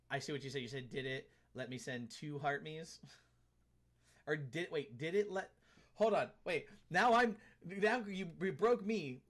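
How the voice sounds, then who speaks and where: A man's voice: medium pitch, a bit bright. A man streaming a game live, chatting casually and laughing as he reads and answers his chat. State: tired arms after a workout.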